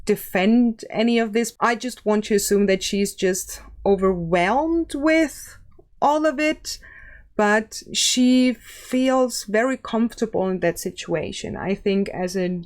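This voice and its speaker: A woman YouTuber giving casual, measured commentary in a plain-spoken way. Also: medium pitch.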